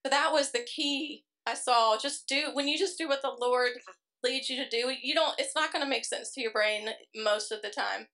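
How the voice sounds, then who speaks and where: Speaking to a congregation at a church service, a woman recounts her personal testimony quickly, earnestly and emotionally, her voice pitched high with a sharp tone.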